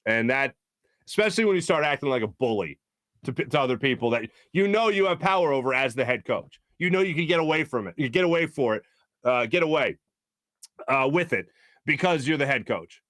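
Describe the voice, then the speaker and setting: A man's voice: mid-range voice, animated, brisk, a bit bright, no room sound, studio quality. A man hosting a sports talk show, ranting in a heated, exasperated way and often mimicking other people. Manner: heated, exasperated, quotes people in mock voices. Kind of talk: opinionated sports talk rant.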